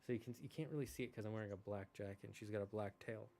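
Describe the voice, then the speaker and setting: A man's voice: on the low side, steady tone, rapid-fire, dark tone, a little hiss or hum. A man streaming a game, chatting in a casual, rambling way and talking affectionately to his cat. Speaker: gaming streamer. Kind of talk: casual chat.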